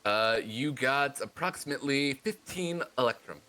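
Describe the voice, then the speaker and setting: A man runs a tabletop roleplaying game as its game master. He narrates scenes in a bright, forceful voice, playful and descriptive, slowing down to draw out the dramatic details. His pitch sits in an ordinary middle range. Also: animated, soft background music.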